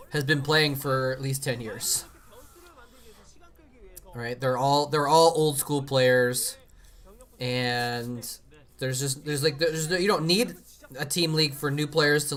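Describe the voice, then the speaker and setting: A man chats loosely over a replay on his live stream, circling his points with fillers and restarts. His voice sits at an ordinary middle pitch. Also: a bit bright. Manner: rambling, with many fillers and restarts. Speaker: streamer watching and commenting on old game matches. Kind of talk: casual live-stream commentary.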